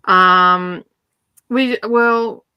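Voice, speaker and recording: A woman's voice: medium pitch, drawn-out words, smooth, no echo, highs cut off. A middle-aged woman in casual chat, blunt and swearing, laughing a lot.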